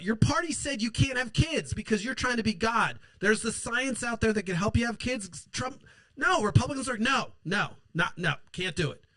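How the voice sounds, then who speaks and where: A man's voice: extremely high pitch, bright, forceful tone, dry recording. A man hosting a political show, ranting angrily and sarcastically, swearing constantly and mocking opponents in put-on quotes. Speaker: political podcast host. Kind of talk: profane political rant.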